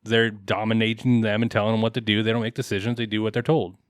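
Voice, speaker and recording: A man's voice: on the low side, flat delivery, fast talker, no echo, studio quality. A man co-hosting a podcast in casual chat, rambling and hedging with fillers, laughing at his own jokes. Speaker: podcast co-host.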